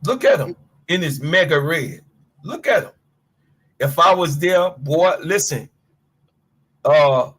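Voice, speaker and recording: Fired-up husky middle-aged male host. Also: on the high side, animated, slow, pauses often, a bit bright. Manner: fired-up, blunt, swears freely; talks to his chat and co-host. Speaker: sports show host. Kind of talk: heated livestream rant.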